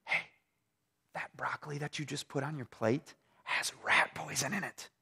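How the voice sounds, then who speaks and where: A man's voice: fairly high pitch, fairly even intonation, brisk, creaky, slightly rough, big-room sound, heavily acted. A man doing a whispering kitchen worker. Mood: secretive. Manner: hushed whisper.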